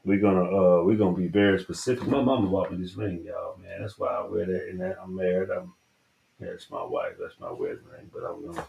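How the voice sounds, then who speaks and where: A man's voice: low voice, creaky, mellow, slight background noise, poor audio. A man with a Southern US accent hosting a podcast, giving a casual book review in a rambling, emphatic way and swearing freely. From Southern United States. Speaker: podcast host.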